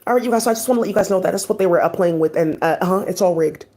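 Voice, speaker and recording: A woman's voice: fairly low pitch, rapid-fire, darkish tone. A woman talking straight to her viewers in a rambling monologue, agitated and swearing often.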